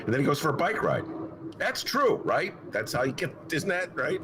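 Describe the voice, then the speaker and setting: Older guy rambling on his podcast, super lively up-and-down voice, opinionated. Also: fairly high pitch, moderate pace, noisy background. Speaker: podcast host. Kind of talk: casual chat.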